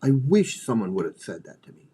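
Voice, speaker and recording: A man's voice: fairly low pitch, big pitch swings, fairly quick, warm tone, husky. A middle-aged man hosting a livestream, ranting bluntly and profanely, often repeating and restarting his phrases. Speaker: livestream host.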